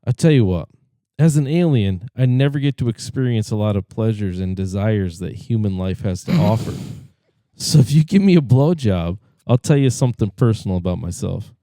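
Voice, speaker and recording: A calm, secretive alien at a costume party, as a man tells it in a joke. The voice is mellow and dark, heard close with no room sound. It stays unhurried and even throughout. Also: on the low side, dry recording.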